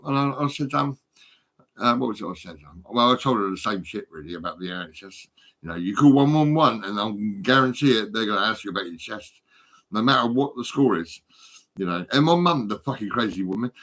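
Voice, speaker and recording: A man's voice: medium pitch, a bit bright. A man rambling in casual chat, swearing often, stammering and repeating his words as he tells stories. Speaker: storyteller talking to a friend.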